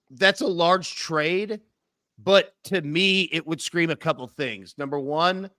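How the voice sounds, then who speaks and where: A man co-hosting a sports betting show, talking emphatically and fast, leaning on words like "literally" as he pitches. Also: sharp tone, no room sound, studio quality. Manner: fast, emphatic, repeats 'literally'. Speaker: co-host. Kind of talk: excited sales pitch and betting talk.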